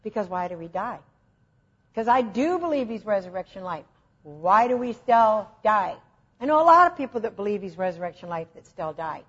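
Husky-voiced woman preaching conversationally. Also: medium pitch, big pitch swings, normal speed, a bit bright, dull audio. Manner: conversational storytelling, earnest, self-deprecating. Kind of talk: informal teaching sermon.

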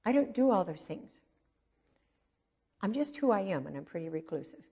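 A middle-aged woman preaching, telling a personal testimony in an earnest storytelling way, swinging between soft and emphatic. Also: mid-range voice, big pitch swings, normal speed, husky.

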